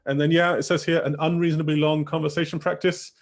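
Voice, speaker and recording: A man's voice: on the high side, little pitch movement, fast. A young man giving a teacher-training talk over a video call, casual and rambling with many fillers. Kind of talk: online workshop talk.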